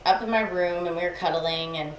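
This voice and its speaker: Give me a young woman with a lowish voice, co-hosting a podcast and telling a story in casual chat. She acts out the other people's lines with animation. The room is echoey, with a faint hiss behind her. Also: brisk. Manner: animated, acts out quoted speech. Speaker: podcast co-host.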